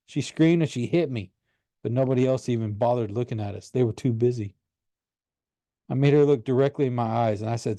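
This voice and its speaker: Guy reading an audiobook, earnest, mellow voice, dry close sound. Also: medium pitch, brisk, no echo. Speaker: audiobook reader. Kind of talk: first-person audiobook narration.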